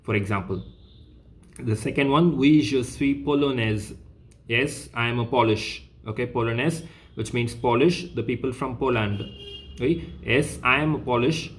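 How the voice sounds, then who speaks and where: A man teaching a French revision lesson, explaining patiently and repeating phrases with a steady "okay", slowing down to spell out French words. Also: medium pitch.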